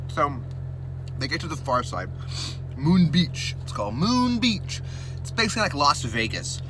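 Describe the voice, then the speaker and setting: A man rambling through a movie recap while his mouth burns from spicy chips, slipping into excited impressions. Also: on the high side, moderate pace, over music. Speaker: mukbang host.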